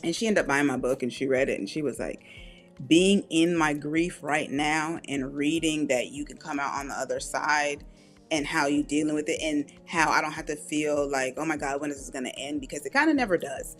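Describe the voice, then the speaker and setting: A middle-aged woman, an author and podcast guest, telling candid personal stories in an animated way, acting out quoted voices and laughing often. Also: sits low, fairly quick, faint music behind. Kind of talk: candid conversational storytelling.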